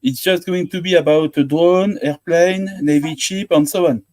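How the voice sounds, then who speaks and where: A man from France on a discussion panel, speaking in a measured way. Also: on the high side, fairly even intonation, darkish tone, dry recording. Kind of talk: casual discussion.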